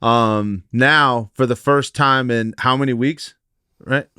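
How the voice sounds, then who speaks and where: A man hosting a podcast, relaxed and casual, asking questions and saying dude often. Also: medium pitch, slow pace, clean tone, dry recording, clean studio sound. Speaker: podcast host. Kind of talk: casual chat.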